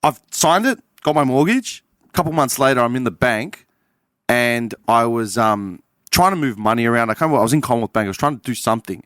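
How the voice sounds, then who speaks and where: An Australian man tells a story in a casual chat and acts out the lines of everyone in it, his pitch rising and falling a lot. The mic is close and dry. His pitch sits in the middle. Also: fast, dry recording. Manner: animated storyteller acting out quoted dialogue. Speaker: podcast panelist.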